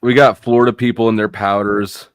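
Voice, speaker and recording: A man hosting a live stream in casual chat, making deadpan, swearing jokes. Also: on the low side, fairly quick, clean tone, dry recording, clean studio sound.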